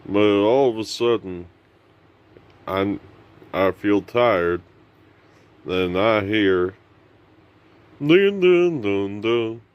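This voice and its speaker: A man putting on the slow, drawling voice of an older male narrator as an impression, speaking louder than he usually does. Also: on the low side, steady tone, clean tone, dull audio.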